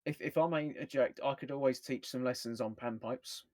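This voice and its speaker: A man's voice: medium pitch, fairly quick, darkish tone, no echo, studio quality, natural voice. A man voicing an ancient, formal and very literal male shopkeeper obsessed with panpipes. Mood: polite.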